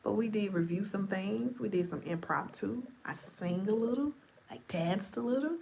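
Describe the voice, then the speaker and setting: A woman's voice: mid-range voice, moderate pace, gravelly, a little mellow, a little hiss or hum. Sleepy, chatty woman live-streamer. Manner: chatty, playful, talks straight to viewers. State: sleepy, voice going deep and scratchy. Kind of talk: casual live-stream chat.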